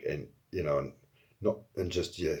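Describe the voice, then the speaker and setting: A man telling a casual anecdote in an animated way, swearing often and acting out quotes. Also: a bass voice, normal speed. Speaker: storyteller.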